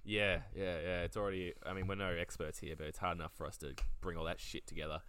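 A man's voice: low-pitched, level tone, fast, fairly bright tone, clean tone, dry recording. A man co-hosting a podcast in casual chat, joking and laughing often. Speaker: podcast co-host.

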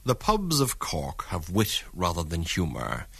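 A man's voice: sits low, huge pitch swings, a little slow, gravelly, fairly bright tone, slightly rough, no echo. A man reading scripted documentary narration.

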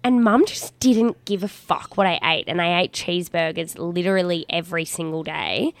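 A woman's voice: fairly low pitch, moderate pace. A young woman in casual chat, trailing off and hesitating with fillers.

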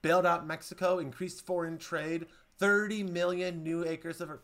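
Brief: grieving president railing at God, recited by a man on a podcast; low, accusing, bitter. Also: little pitch movement, normal speed, a bit bright, close to an everyday voice.

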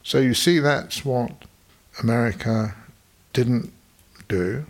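A man's voice: mid-range voice, slow. An older man telling stories from his past in a digressive, wry way, as a podcast host reminiscing. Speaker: podcast storyteller recalling his business past. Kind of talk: reminiscing monologue.

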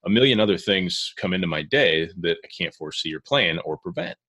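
Low-voiced male host, easygoing conversational questions, lots of fillers. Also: a little fast, slightly rough. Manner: relaxed and chatty, many fillers. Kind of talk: casual interview chat.

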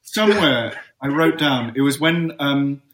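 A British man speaking as a podcast guest in casual chat, measured and wry. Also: medium pitch, lively intonation, a loud crowd.

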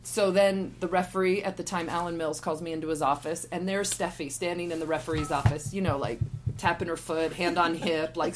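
A woman in her forties tells a story on a podcast, casual and animated. She acts out other people's lines as she goes. Her voice sits somewhat low for a woman. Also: a little fast, slight background noise. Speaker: podcast guest.

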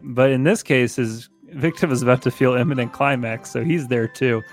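Male podcast co-host, middle pitch, playful comic chat over faint music. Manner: joking, breaks into laughter and quick put-on voices. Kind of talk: casual comedic chat reading fan fiction aloud.

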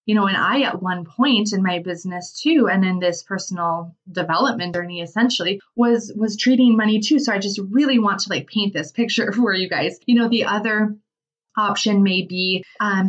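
A woman giving a casual motivational talk about money, chatty and full of "like" and "right?" asides. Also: mid-range voice. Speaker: business owner and money mindset speaker. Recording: slightly distant, dull lo-fi sound.

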